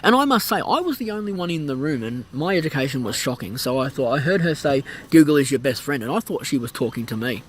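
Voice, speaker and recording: A man telling a personal story in a casual vlog, animated and acting out the voices of people in it. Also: medium pitch, fast, few pauses, a little hiss or hum. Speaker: vlogger, pilot.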